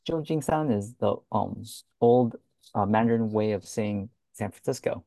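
A man's voice: lowish voice, a little slow, gravelly, dark tone, dry recording, poor audio. A man co-hosting a podcast, briefly explaining a phrase. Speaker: podcast co-host. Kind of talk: casual podcast interview.

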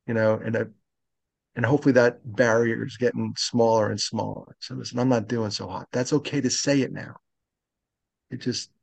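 A man in his late fifties speaks earnestly and reflectively as a podcast guest. His voice has a gravelly edge, and the sound is dry and close. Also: medium pitch, darkish tone, dry recording. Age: 50s. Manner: earnest and reflective, speaks openly about loss. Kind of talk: conversational interview.

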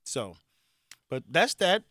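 A man in his forties from Chicago with a Chicago accent, hosting a casual solo podcast, animated and joking, laughing often. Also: fairly high pitch, slow, dry recording, clean studio sound. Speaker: podcast host.

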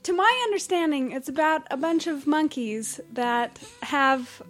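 A woman on a casual podcast, telling jokes in a dry, deadpan way. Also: high-pitched, measured pace, faint music behind. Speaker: podcast co-host.

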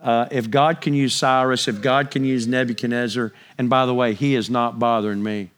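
A middle-aged man preaching a sermon, animated, his voice climbing higher when he gets excited. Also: moderate pace.

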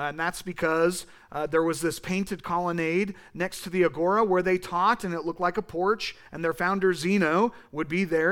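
A young man from California delivers a sermon with a high-pitched voice. He teaches in an animated, rambling way and turns aside often to talk with people in the congregation. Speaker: pastor.

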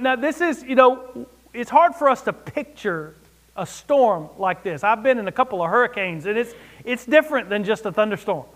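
A man preaching a sermon, expressive, rising and dropping for emphasis, with wry asides. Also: very high voice. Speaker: pastor.

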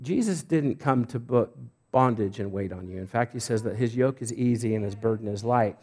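A man's voice: mid-range voice, normal speed, darkish tone. A middle-aged man from Idaho preaching a sermon as a pastor, conversational, with frequent restarts and self-deprecating jokes. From Idaho, United States.

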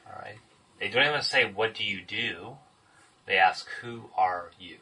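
A man's voice: fairly low pitch, sharp tone, slightly rough, far from the mic, rough recording. A man leading a group Bible study, asking questions and praising the answers he gets. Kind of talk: interactive Bible study teaching.

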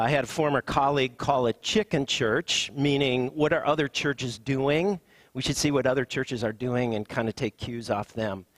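A male pastor preaching in a loose, conversational way, pausing with fillers and restarting phrases. His voice sits a little high for a man. The sound is dry and close. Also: no room sound. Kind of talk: sermon.

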